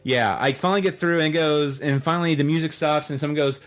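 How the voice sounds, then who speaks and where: A man's voice: on the high side, brisk, hardly any pauses. A man hosting a podcast, telling a rambling story in casual chat. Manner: rambling, animated storyteller who acts out quotes. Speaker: podcast host.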